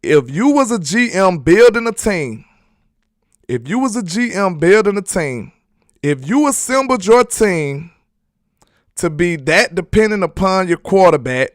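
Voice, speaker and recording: A man's voice: high voice, big pitch swings, unhurried, no echo, studio quality. Slangy laughing sports-stream host man. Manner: loose, slangy and repetitive, laughs often. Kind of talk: casual live-stream chat reading viewer comments.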